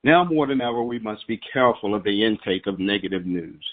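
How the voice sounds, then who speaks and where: A man's voice: fairly low pitch, animated, a little fast. A man leading a prayer call, speaking to the group with an earnest, emphatic preaching cadence as he recites scripture. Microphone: phone call. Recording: tinny phone line.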